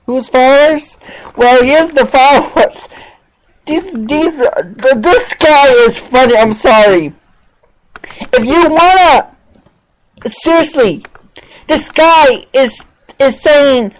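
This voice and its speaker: A man's voice: very high-pitched, animated, takes it slowly, poor audio. A male podcast host ranting in a mocking, sarcastic way, over and over asking "seriously". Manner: sarcastic, keeps saying "seriously".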